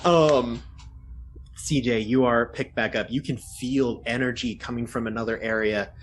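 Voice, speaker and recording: A man's voice: mid-range voice, fairly even intonation, measured pace, a little hiss or hum. A man narrating a tabletop game as dungeon master, loosely and with many fillers.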